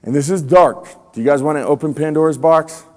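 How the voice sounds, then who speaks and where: A man's voice: on the high side, brisk, darkish tone. A man giving a motivational talk to students, in a casual, slangy way, often quizzing the audience. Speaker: motivational speaker. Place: school room with students. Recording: long hall reverb.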